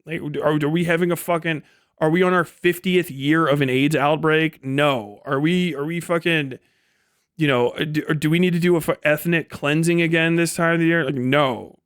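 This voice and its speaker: A man's voice: a little high, fairly even intonation, normal speed, a bit bright, smooth, no room sound, studio quality. A man streaming live, ranting sarcastically and swearing constantly. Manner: sarcastic and mocking. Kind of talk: profane livestream rant.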